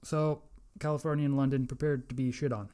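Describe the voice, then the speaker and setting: A man's voice: medium pitch, flat delivery, brisk, warm tone, clean tone. A young man hosting a casual solo podcast, rambling, profane and self-mocking. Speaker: podcast host.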